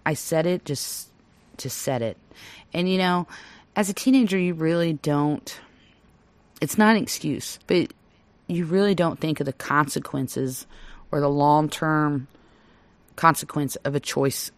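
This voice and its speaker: Woman giving halting personal testimony. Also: deep voice, dry recording. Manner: halting, restarts often, drawls key words. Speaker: interviewee telling her life story.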